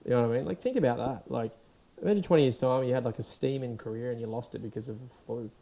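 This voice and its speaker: A man's voice: mid-range voice, fast talker, creaky, warm tone. A young Australian man hosting a podcast, rambling and swearing in a casual solo rant, his voice sore and dried out. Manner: rambling, sweary, restarts often. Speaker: podcast host.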